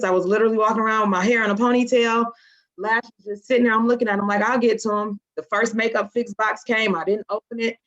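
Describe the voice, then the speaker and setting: A woman's voice: on the high side, steady tone, fast talker, fairly bright tone. A woman team member sharing a personal testimony on a group call, earnest and close to tears. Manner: earnest, emotional. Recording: dull lo-fi sound.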